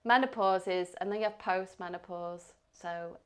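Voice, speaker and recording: A woman's voice: lowish voice, normal speed, clear, resonant tone. A middle-aged woman, a podcast guest talking casually and enthusiastically, often asking rhetorical questions. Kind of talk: casual conversation.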